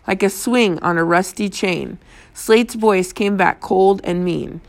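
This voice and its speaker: Gravelly-voiced woman reading a novel. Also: medium pitch, slow. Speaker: audiobook reader. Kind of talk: first-person audiobook narration.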